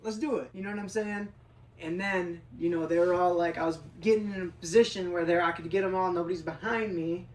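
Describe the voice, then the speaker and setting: A woman guest on a podcast telling a story in a brash, profane way, getting loud when she acts out the scene. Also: fairly low pitch, fairly even intonation, fairly quick, far from the mic. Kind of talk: casual storytelling. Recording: roomy, off-mic with faint ambience.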